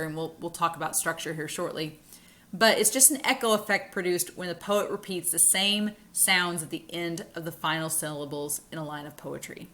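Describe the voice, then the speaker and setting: Bright-voiced woman giving an English lecture. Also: on the low side. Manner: upbeat, explanatory, slows to read verse aloud. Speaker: college English instructor. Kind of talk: recorded lecture.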